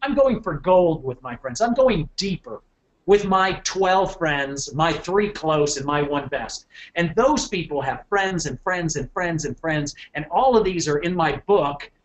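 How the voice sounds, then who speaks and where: A middle-aged man giving a motivational business talk to an audience, animated, often repeating words and checking in with the room. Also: on the high side, measured pace. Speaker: keynote speaker.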